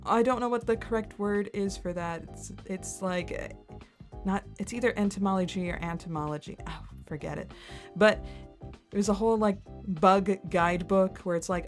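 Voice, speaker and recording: A young adult woman streaming from her computer, chatting casually and excitedly, rambling with lots of fillers and frequent giggles. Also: mid-range voice, moderate pace, faint music behind. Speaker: streamer reacting to content. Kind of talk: casual chat while screen-sharing.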